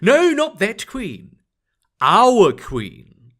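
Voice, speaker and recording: A man voicing a haughty, naive fey woman courier with a high, lofty voice. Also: huge pitch swings, drawn-out words, a bit bright, exaggerated voice.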